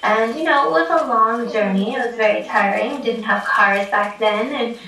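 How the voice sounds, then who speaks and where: In a sharp tone and at a moderate pace, a slightly high-voiced woman from Tibet tells a folk tale casually, laughing often and using many fillers. The echoey room, distant mic and slight background noise color the recording.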